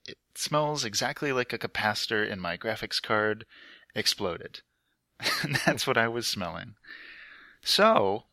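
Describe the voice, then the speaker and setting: A man's voice: mid-range voice, gravelly, bright, forceful tone, no room sound. A young man on a laptop headset mic, telling a rambling story in casual podcast chat. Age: young adult. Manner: rambling, chatty storytelling with frequent "like" fillers. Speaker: podcast co-host.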